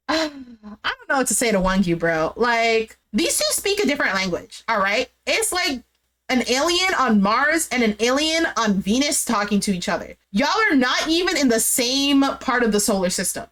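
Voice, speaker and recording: A woman's voice: a little high, big pitch swings, normal speed, fairly bright tone. A woman casually recapping a reality show, chatty and slangy, exasperated and emphatic as she talks. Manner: chatty and slangy, says "bro" and "like" a lot. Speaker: recap vlogger.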